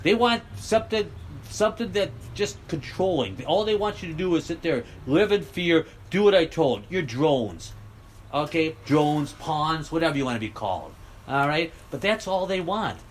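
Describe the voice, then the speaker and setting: A man delivering a heated, rambling political rant with blunt sarcasm. His voice sits somewhat high and swings widely up and down. Faint noise hums behind him. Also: animated, normal speed, rough recording. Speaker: political vlogger.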